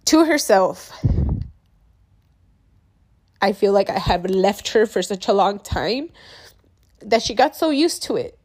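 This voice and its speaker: A woman's voice: a little high, a little mellow. Young woman, candid vlog talk, casual slang, filler words, swears freely. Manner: confessional, casual, says "like" and "bro" often, swears. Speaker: vlogger.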